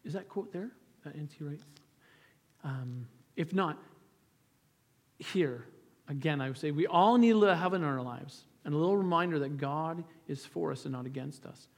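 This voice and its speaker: A man's voice: a little high, moderate pace. A male pastor giving an earnest, conversational sermon, often restarting his sentences. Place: church sanctuary. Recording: hall reverb, church sanctuary.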